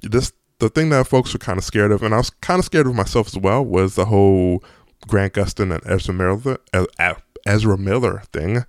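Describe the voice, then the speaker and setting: Excitable chatty man reviewing a movie. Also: on the low side, no echo, studio quality. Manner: excitable, chatty, frequent ums and restarts. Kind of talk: casual video review.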